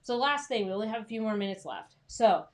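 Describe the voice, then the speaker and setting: A woman's voice: on the high side, lively intonation, fast talker, a little mellow. A young woman coaching freelance writers in a casual, chatty live stream, reassuring and full of fillers.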